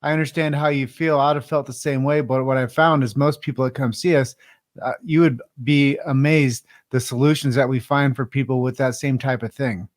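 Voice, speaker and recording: A man's voice: mid-range voice, steady tone, moderate pace. A man hosting a podcast, chatting casually and agreeing with his guest. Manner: conversational, agreeable, some fillers. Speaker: podcast host. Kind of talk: casual interview chat.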